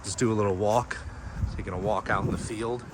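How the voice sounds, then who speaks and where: A man's voice: fairly low pitch, fairly even intonation, noisy background. A man giving a casual walkthrough of a home while carrying the camera, chatty and joking, slightly out of breath from walking. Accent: Texan. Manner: chatty and jokey, points things out in quick lists. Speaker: real estate agent giving a home tour. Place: inside a house and its backyard. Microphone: handheld camera he is carrying.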